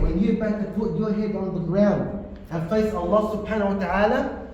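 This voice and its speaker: A man's voice: high-pitched, a little mellow. A man giving an earnest sermon in a mosque, often repeating phrases for emphasis. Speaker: preacher. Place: mosque hall. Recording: echoey hall, distant mic, faint noise.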